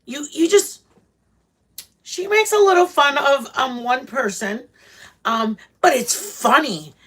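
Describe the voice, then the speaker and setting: A woman's voice: high-pitched, takes it slowly, fairly bright tone. A middle-aged woman hosting a casual livestream chat. She talks bluntly and rambles, with lots of fillers and restarts. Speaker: channel host chatting with live viewers.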